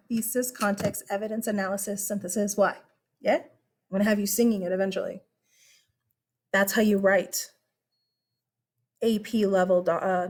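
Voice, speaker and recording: Here the same kind of scene plays out with a medium-pitched, darkish female voice: a history teacher at a high school walks students through online class instructions. Her delivery is relaxed and cheerful, with occasional laughter and lots of filler words.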